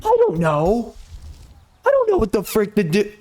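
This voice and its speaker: A man's voice: high voice, wildly swooping pitch, normal speed, darkish tone. A man giving casual gameplay commentary as a video creator, ranting in frustration with frequent mild cursing.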